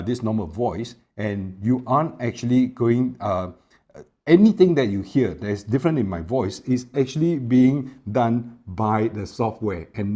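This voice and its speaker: A man with a voice on the low side reviews tech in a product demo vlog. He casually shows off a small wireless clip mic in his home, where there's an air conditioner, explaining in a relaxed way with many fillers.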